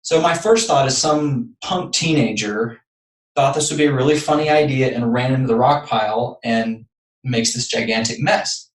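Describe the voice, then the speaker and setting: A man's voice: mid-range voice, moderate pace, distant mic. A man from Texas, a podcast guest, earnestly telling a personal story step by step. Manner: earnest, building up anecdotes step by step. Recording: echoey room, voice off-mic.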